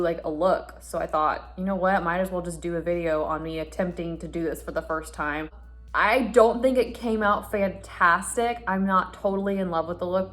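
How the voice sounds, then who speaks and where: A woman beauty vlogger chatting casually and upbeat to camera, with quick asides. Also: medium pitch.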